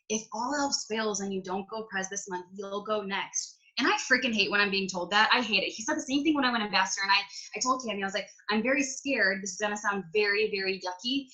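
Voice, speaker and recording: A woman's voice: medium pitch, sharp tone, rough recording. A woman talking casually on a video call as a network marketing team leader, rambling emotionally and acting out her own past conversations. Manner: rambling, emotional, lots of "like" and quoted self-talk.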